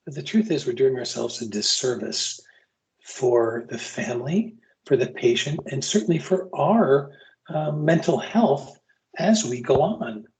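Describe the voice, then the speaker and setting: A man's voice: medium pitch, unhurried, darkish tone, slight background noise, low-quality recording. A man teaching EMS providers in a casual, candid lecture that mixes stories with plain talk. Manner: candid, storytelling, casual asides. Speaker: EMS continuing education instructor.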